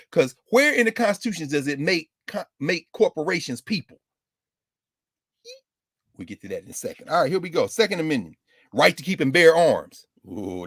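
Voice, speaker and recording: A man giving a civics lecture with comic asides, animated and sardonic. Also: mid-range voice, no room sound, studio quality. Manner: animated, sardonic, slips into mock voices.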